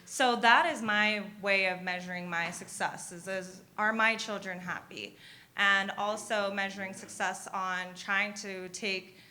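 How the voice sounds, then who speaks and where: A woman answering on a live university panel with a bright, forceful tone. She speaks earnestly, repeating her point for emphasis. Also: mid-range voice, fairly even intonation, measured pace. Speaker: panelist, mother.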